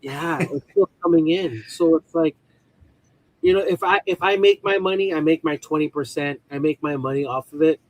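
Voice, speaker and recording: A man's voice: on the high side, very animated, moderate pace, darkish tone, no room sound, poor audio. A man guest on a casual video call chat, rambling and repeating himself as he talks. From Filipino community. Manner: rambling, repeats "at the end of the day". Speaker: guest, toy seller.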